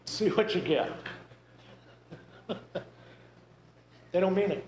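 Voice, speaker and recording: A man's voice: sits high, animated, slow pace, a little mellow. A man giving a talk to a group, conversational and wry, with joking asides. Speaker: grief presenter. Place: church meeting room. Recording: echoey room with faint noise.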